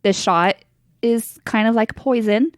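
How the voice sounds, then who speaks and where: A woman's voice: a little high, a little slow, dry recording. A woman in her thirties co-hosting a podcast, telling a story in casual chat, candid and swearing freely with frequent laughs. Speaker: podcast co-host.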